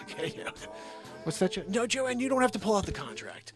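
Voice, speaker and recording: A man hosting a live improv comedy show, rambling with giggles and sudden shouted bursts. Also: high voice, sing-song, moderate pace, faint music behind.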